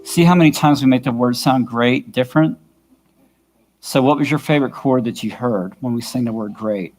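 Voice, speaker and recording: His own guitar sounds in the background as a worship music instructor runs a vocal workshop for a church worship team. His voice is mid-range and a little mellow, at normal speed, and he patiently checks that the group is with him.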